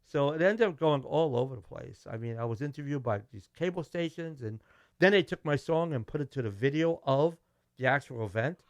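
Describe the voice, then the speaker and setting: A man's voice: medium pitch, a little fast, no echo. A middle-aged man with a Brooklyn New York accent, telling stories animatedly as a musician guest in a casual interview. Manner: animated, acts out quoted dialogue, restarts.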